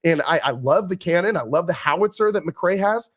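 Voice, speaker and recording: Exasperated high-pitched sports podcast host. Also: male voice, animated, fairly quick. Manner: exasperated, rambling, with frequent restarts. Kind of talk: post-game sports podcast monologue.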